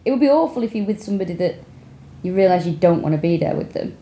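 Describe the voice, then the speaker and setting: A woman co-hosting a comedy podcast in casual chat, a playful, animated storyteller. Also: fairly low pitch, fast.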